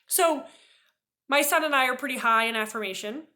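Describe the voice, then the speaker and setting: A woman educator talks through a lesson in a relaxed, chatty way, stopping often to check in with her listeners. Her voice is bright and a little sharp, set somewhat high for a woman. She tells her stories with lively energy. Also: normal speed. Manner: chatty, peppers talk with "right?"; lively storyteller who acts out quoted voices. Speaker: behavior educator. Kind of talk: casual teaching talk to camera.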